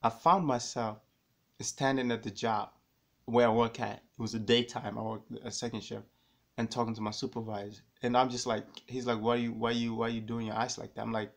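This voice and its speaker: A man talks straight to his viewers in a loose, rambling way, circling back and repeating words as he goes. His voice sits at an ordinary middle pitch, and he gets animated when the story builds. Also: brisk, creaky. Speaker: vlogger. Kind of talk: casual storytelling to camera.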